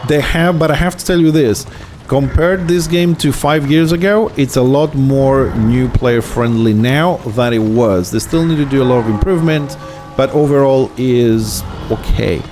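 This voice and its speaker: A man's voice: fairly high pitch, darkish tone. A man with a slight lisp, speaking English as a second language and chatting casually to viewers while he streams a game. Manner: chatty, explains things to viewers as he plays; non-native English speaker. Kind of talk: casual live-stream commentary.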